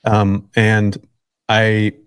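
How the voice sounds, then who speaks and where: A man from California, a guest on an interview show, telling a long story in a relaxed, chatty way and often saying "man" and "like". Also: fairly low pitch, very slow, smooth, no echo, clean studio sound. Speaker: guest, real estate investor.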